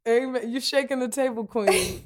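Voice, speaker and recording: A woman talking candidly in a casual conversation, animated and given to playful put-on voices. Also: high voice, a little slow.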